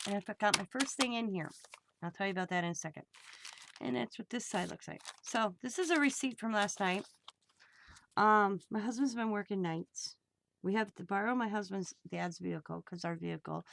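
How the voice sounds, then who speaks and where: A woman's voice: mid-range voice, creaky, no echo. A middle-aged woman hosting a crafting video, chatting casually and telling rambling stories at her craft table at home. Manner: rambling storytelling with reported dialogue. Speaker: crafting channel host.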